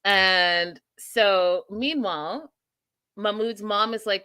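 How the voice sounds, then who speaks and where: A woman's voice: medium pitch, slow pace, bright, forceful tone, clear, resonant tone. A woman hosting a casual reality TV recap chat, talking with animation, acting out quotes and laughing often. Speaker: host.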